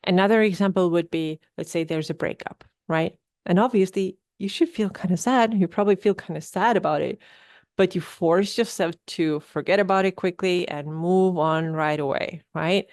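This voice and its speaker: A woman's voice: lowish voice, normal speed, darkish tone, no echo. A woman hosting a podcast, coaching listeners and often tagging her points with "right?". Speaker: podcast host. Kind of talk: solo podcast talk.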